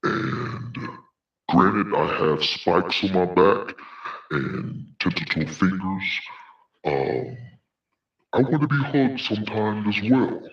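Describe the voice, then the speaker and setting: A man voicing a gentle, lonely male monster with spikes and tentacle fingers, soft-spoken and self-pitying, through a voice changer preset. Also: deep voice, expressive, slow pace, creaky, exaggerated voice. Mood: plaintive. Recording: distant echoey dull sound.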